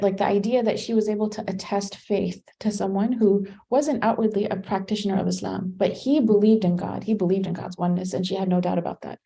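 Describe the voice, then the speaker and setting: A woman's voice: medium pitch, creaky, dark tone, poor audio. A woman teaching a Qur'an study class, explaining commentary in a conversational way and thinking aloud with fillers and restarts. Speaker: religious teacher.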